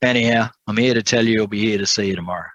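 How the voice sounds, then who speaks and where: A man's voice: lowish voice, rapid-fire, a bit bright, no room sound, highs cut off, lightly acted. A man voicing a blunt, mocking male prison official in a told sermon story.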